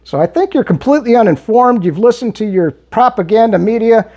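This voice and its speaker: A man answers his viewers in a heated, argumentative monologue. His pitch swings up and down animatedly, and he often stumbles and restarts mid-sentence. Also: expressive, fairly quick, warm tone. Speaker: political commentary vlogger. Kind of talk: monologue reading and replying to viewer comments.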